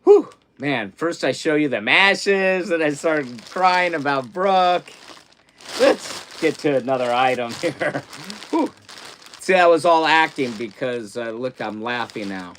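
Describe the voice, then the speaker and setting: A middle-aged man hosting a casual livestream, rambling and candid, repeating words and swinging from hushed, grieving talk to loud excitement. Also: on the high side, unhurried, a little hiss or hum. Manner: self-interrupting, repeats words. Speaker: livestream host.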